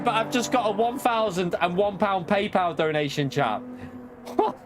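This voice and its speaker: A British man streaming a racing game live, chatting casually to his viewers in an excitable way, laughing often and swearing when something shocks him. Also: high voice, a little slow, music in the background.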